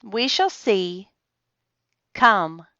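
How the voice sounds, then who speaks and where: A woman's voice: medium pitch, lively intonation, drawn-out words, sharp tone, no room sound, lo-fi sound, pitched above the performer's own voice, heavily acted. A woman voicing a gracious, kindly older hostess with a genteel, welcoming manner in a storybook reading.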